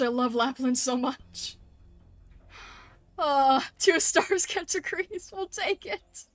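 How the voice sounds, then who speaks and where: A woman streaming a game, chatting excitedly with frequent laughs and gushing exclamations, and reading story dialogue aloud. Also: very high-pitched, slow pace, dry recording. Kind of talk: casual gameplay commentary, reading story lines aloud.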